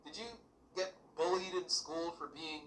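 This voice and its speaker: A man's voice: on the high side, steady tone, normal speed, sharp tone, reverberant, far from the mic, a little hiss or hum, poor audio. A man ranting bluntly and profanely at another creator in a casual vlog clip. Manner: blunt, profane, addressing the viewer directly. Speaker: small youtuber.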